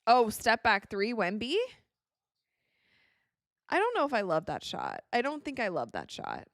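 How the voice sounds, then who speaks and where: An excitable woman from the United States giving casual live commentary while watching a game, tired and yawning, with quick reactions and frequent laughs. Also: mid-range voice, no room sound, studio quality. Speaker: live-stream sports commentator.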